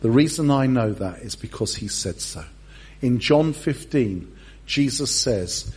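This middle-aged pastor has a husky mid-range voice and a slightly slow delivery. In church he tells animated stories laced with jokes about himself as part of a humorous sermon.

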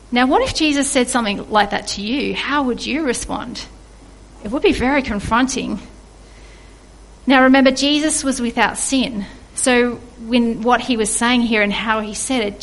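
A woman's voice: on the high side, a bit bright, rough recording. An earnest woman giving a reflective devotional sermon, asking her listeners questions. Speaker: preacher.

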